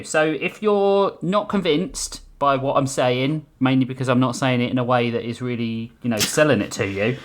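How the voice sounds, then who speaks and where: A man hosting a podcast, chatting casually and running through plugs with a laid-back, self-mocking manner and frequent laughter. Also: mid-range voice. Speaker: podcast host. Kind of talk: casual banter and sponsor plugs.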